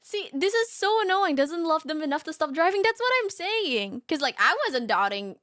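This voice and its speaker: A woman streamer reading a story aloud and reacting in casual chat, animated and giggly, often laughing. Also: sits high, normal speed, no echo, studio quality. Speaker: VTuber streamer.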